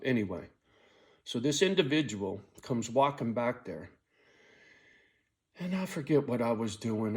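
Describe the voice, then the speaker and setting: A middle-aged man telling a personal story in a blunt, casual way, swearing a lot and often tagging his lines with "right?". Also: fairly low pitch. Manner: blunt, heavy swearing, frequent "right?" tag; angry when telling the story, quiet and weary when reflecting.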